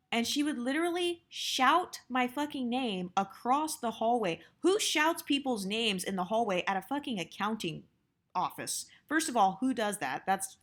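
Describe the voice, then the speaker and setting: A young adult woman talks through a workplace story in a loose, candid storytime style. Her mid-pitched voice rambles with frequent fillers and blunt asides. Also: fairly bright tone. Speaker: storytime vlogger. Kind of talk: casual storytime monologue.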